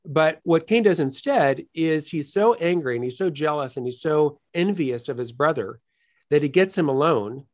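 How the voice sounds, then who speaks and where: A man as an interview guest, explaining philosophical ideas in an earnest, lively teaching manner and often checking in with "right?". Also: fairly high pitch, normal speed.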